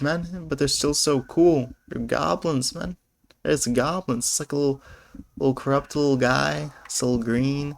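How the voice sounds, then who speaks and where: Slow-talking young man reading a gamebook aloud. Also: medium pitch, gravelly. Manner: reads the text aloud and breaks off into excited rambling asides. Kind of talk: casual let's-play narration.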